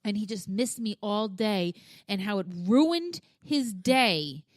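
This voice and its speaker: A woman's voice: medium pitch, animated, slow, no echo, studio quality. Frank, foul-mouthed woman chatting. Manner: frank, swears freely, rambling with fillers. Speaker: podcast co-host. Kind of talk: casual chat.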